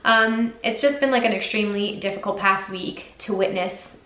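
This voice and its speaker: A woman's voice: medium pitch, moderate pace, fairly bright tone. A woman hosting a solo podcast, talking candidly and casually, with lots of "like" and frequent swearing. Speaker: podcast host. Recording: echoey room.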